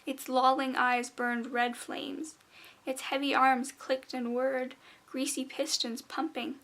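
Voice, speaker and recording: A woman reading a children's fantasy book aloud in a measured, expressive way. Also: high-pitched. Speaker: audiobook reader. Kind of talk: storybook narration.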